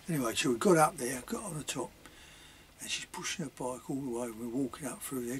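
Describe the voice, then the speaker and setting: Older man, storyteller; chatty, digressive delivery in local dialect, mid-pitched voice. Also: a little fast, slightly rough. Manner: chatty, many fillers and asides, dialect grammar. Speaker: vlogger telling childhood memories. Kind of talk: rambling spoken reminiscence.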